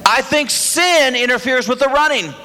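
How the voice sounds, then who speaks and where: A man's voice: very high-pitched, animated, normal speed, sharp tone. A man preaching a sermon in a church, talking conversationally and firing rhetorical questions at the congregation. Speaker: pastor. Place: church sanctuary. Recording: echoey hall reverb.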